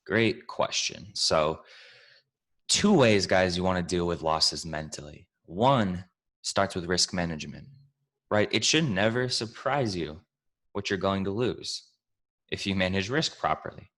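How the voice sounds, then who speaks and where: A man's voice: deep voice, animated, measured pace, a bit bright. A man answering questions as a trading mentor, talking in a pumped-up, profane, coach-like way and calling his listeners family and team. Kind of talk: casual Q&A talk.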